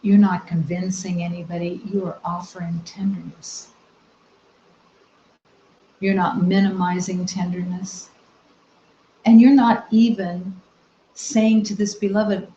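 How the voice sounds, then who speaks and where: A woman spiritual teacher giving a meditative talk, soft-spoken and gentle, with long reflective pauses. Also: fairly low pitch, level tone, a little hiss or hum. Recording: roomy, slightly dull recording.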